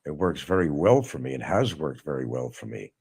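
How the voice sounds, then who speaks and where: A man's voice: a bass voice, big pitch swings, fairly quick, creaky, a little mellow, breathy edge. A middle-aged man hosting a live stream, talking casually and mocking someone with sarcasm. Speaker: livestream host. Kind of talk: casual livestream monologue.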